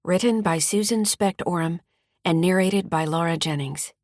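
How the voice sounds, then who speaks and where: A woman reading a first-person nonfiction audiobook in a calm, measured narration. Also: lowish voice, dry recording, studio quality. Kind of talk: scripted narration.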